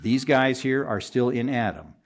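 A man in the pulpit preaching through scripture with earnest, pressing delivery. His voice sits at an ordinary middle pitch, leaping up to drive home a point and sinking low and soft as a verse closes. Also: expressive, normal speed. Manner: earnest, pressing, rises sharply for emphasis then drops low. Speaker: pastor. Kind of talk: expository sermon. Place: room with a congregation.

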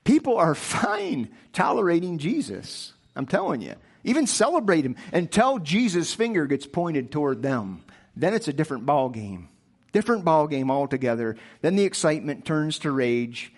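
A man preaching a sermon in a high voice for a man. He drives each point home with emphatic rhetorical questions and stacked repetitions, speaking straight to the congregation. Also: big pitch swings, moderate pace.

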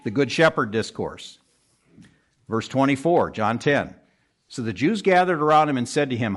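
A man preaching an expository sermon to a congregation in a room, earnest and pressing, jumping up for emphasis and dropping low and quiet at the ends of verses. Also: very animated, moderate pace. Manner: earnest, pressing, rises sharply for emphasis then drops low. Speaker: pastor.

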